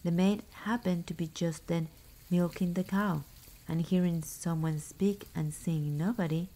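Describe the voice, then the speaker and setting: A woman reading a fairy tale aloud in a soft, hushed, unhurried ASMR bedtime style. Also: lowish voice, poor audio. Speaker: storyteller.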